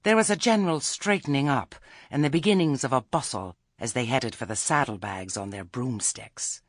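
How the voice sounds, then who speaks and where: This is scripted audiobook narration from a man whose voice sits in the middle range. He tells the story in a measured, expressive way, and the recording is dry.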